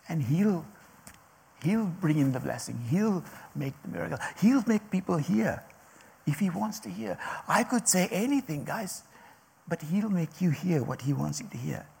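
Husky, gravelly-voiced man preaching casually. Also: high-pitched, expressive, darkish tone, long reverb tail. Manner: halting, many restarts and fillers, laughs often. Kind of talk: casual sermon.

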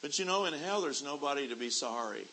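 A middle-aged man preaching a sermon, moving from quiet storytelling to loud, shouted preaching. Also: on the high side, expressive, fairly quick, slight background noise, rough recording. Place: church convention hall.

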